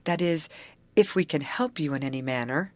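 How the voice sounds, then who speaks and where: A brisk, take-charge teenage girl, as a woman reads her in a storybook, coaxing and firm with her friends. The voice sits low for a woman and is lifted a little for the part, in a dry, close sound. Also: no room sound, natural voice. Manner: brisk and firmly cheering.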